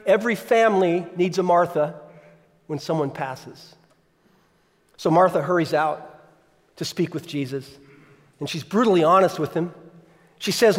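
A man's voice: a little high, unhurried, long pauses. A man preaching a sermon as pastor, conversational, often asking the congregation questions. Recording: long reverb of a large hall.

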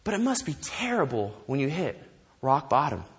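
Preaching to a congregation at normal speed, this pastor's medium-pitched voice carries lively storytelling. He frequently starts sentences over and breaks into laughter.

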